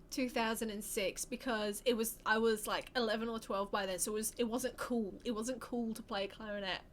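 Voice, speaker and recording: A woman's voice: a little high, a bit bright, a little hiss or hum. An Australian woman in her twenties telling a personal story to camera, candid and rambling, often restarting her sentences. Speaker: vlogger.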